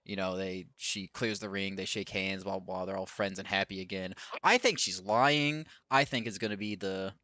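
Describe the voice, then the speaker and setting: A man's voice: low voice, normal speed, hardly any pauses, pushed and bright, no echo, clean studio sound. Rambling, swearing male podcast host. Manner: rambling, loose, swears freely, acts out quotes. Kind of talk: casual chat recapping wrestling.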